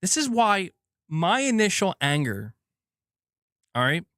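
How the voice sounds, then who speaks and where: A man's voice: high voice, very animated, takes it slowly, sharp tone, no echo, clean studio sound. Fired-up man ranting about games. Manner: exasperated, swears often, restarts sentences, mocks with put-on quotes. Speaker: gaming channel host. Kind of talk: heated solo rant.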